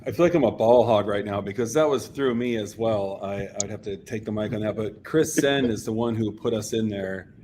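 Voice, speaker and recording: A man from the United States, a punk band member, telling a story in a casual interview, animated and full of fillers. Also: fairly low pitch, fairly quick, slight background noise. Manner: animated, acts out quoted voices, filler-heavy.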